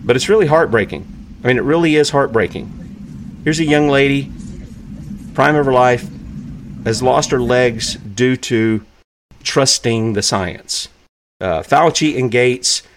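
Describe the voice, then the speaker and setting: A man's voice: medium pitch, lively intonation, measured pace, pauses often. A man hosting a live online talk show, speaking emphatically and repeating phrases for effect. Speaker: host.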